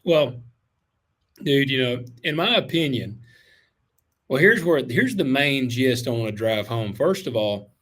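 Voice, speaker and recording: A man hosts a farming podcast in relaxed chat, at an average pitch for a man. He talks informally, peppering his talk with man and dude. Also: a little slow. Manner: chatty and informal, calls people man and dude. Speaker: podcast host reading listener emails. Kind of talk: casual chat.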